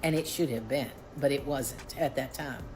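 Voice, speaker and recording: A woman's voice: moderate pace, a little hiss or hum. A woman, telling a personal story casually and acting out what each person said. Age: 60s. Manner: animated, acts out quoted voices with rising pitch.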